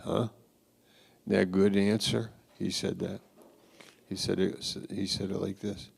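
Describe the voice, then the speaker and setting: A man preaching a sermon in a church, with dramatic swings from loud exclamations to quiet asides. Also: sits low, level tone, slow, creaky, long pauses, husky. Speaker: pastor.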